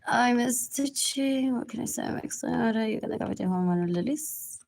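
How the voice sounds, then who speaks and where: A woman's voice: on the high side, moderate pace, vocal fry, a little mellow. A woman rambling through a livestream monologue, drifting between topics and repeating herself.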